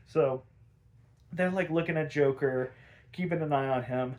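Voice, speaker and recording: A man's voice: fairly high pitch, fairly even intonation, unhurried, a little mellow. A man casually recapping a cartoon episode, rambling with lots of filler words and frequent laughs. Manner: rambling, lots of likes and ums, laughs often.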